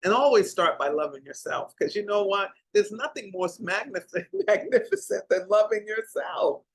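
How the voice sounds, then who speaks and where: A woman's voice: mid-range voice, animated, moderate pace, husky, low-quality recording. An older woman hosting a heartfelt talk show, speaking in an emotional way and stretching out her words. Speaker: host.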